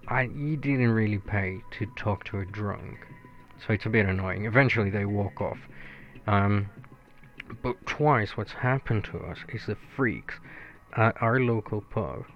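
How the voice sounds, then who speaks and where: A man, a native Spanish speaker, with a slightly low voice, tells a rambling story in an easygoing way. He swears freely and pads his sentences with "um" and "like." The recording sounds dull and lo-fi. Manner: rambling, profane, lots of fillers. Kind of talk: casual storytelling monologue.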